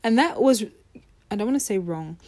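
A woman's voice: mid-range voice, expressive, moderate pace, darkish tone. A young adult woman hosting a podcast, talking earnestly and conversationally about letting go, laughing easily now and then. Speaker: podcast host. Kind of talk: reflective self-help talk.

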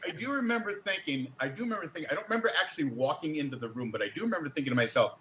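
Man, high voice, tense bright tone, animated storyteller, acts out dialogue, video call. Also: racing, few pauses, a little hiss or hum, low-quality recording. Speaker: cartoon voice actor at a cast reunion.

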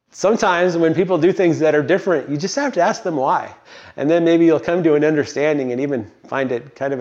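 An older man from Colorado gives a meandering, unhurried devotional talk and prayer, with frequent pauses. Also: medium pitch, a little mellow. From Colorado, United States. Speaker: Christian speaker. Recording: dull, lo-fi recording.

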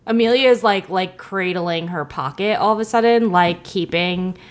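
A woman describing her character's actions in a tabletop game, wry and halting. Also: fairly low pitch. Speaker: player. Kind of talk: casual game chat.

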